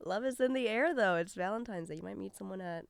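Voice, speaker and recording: Woman, guest comedian, teasing dry quips, smooth yet gravelly voice. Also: mid-range voice, fast talker, no echo. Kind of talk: casual chat.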